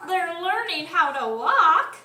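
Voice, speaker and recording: A woman voicing a busy mother cow who grumbles loudly. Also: extremely high pitch, sing-song, slow pace, exaggerated voice. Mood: grumbling. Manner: grumbling, loud. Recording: echoey room, mic at distance.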